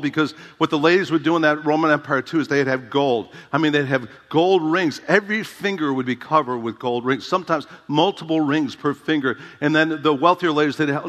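A man's voice: on the high side, fairly bright tone. A man preaching a sermon as a pastor, emphatic and conversational, often asking the congregation rhetorical questions. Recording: reverberant hall.

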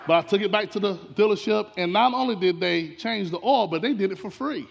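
A man delivers a storytelling sermon from the pulpit, his voice pitched high with a gravelly edge. He addresses the congregation directly, speeding up and slowing down for effect. The sound carries a long church reverb. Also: lo-fi sound. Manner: animated storytelling with sudden swings in pace and loudness. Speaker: preacher. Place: church sanctuary.

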